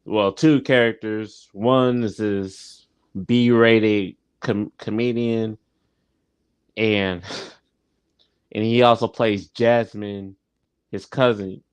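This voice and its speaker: Slow-talking man recapping a TV episode. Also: lowish voice, fairly even intonation, clean tone, no echo. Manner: laughs often while retelling, repeats and restarts phrases. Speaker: show host and TV reviewer. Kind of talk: casual live-stream episode recap.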